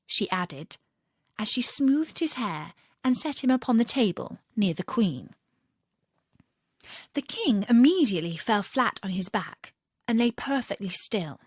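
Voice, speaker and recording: A woman reading a children's storybook aloud in an expressive, animated way. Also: mid-range voice, dry recording, clean studio sound.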